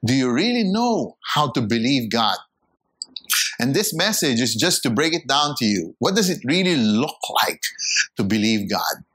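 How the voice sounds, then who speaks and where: Bright-voiced male preacher. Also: big pitch swings, moderate pace, slightly rough. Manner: emphatic preaching, rising high when acting out voices. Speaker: pastor. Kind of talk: sermon.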